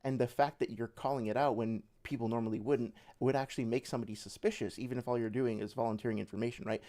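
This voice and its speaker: A man's voice: mid-range voice, steady tone, quick pace, warm tone. A young man giving casual livestream commentary as a debate reviewer, rambling with many fillers and restarts.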